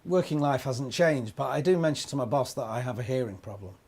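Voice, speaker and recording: An actor playing a working man with mild hearing loss, speaking plainly and in a measured way. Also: mid-range voice, lively intonation, darkish tone. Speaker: actor voicing a working man's testimony. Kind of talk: scripted testimony monologue.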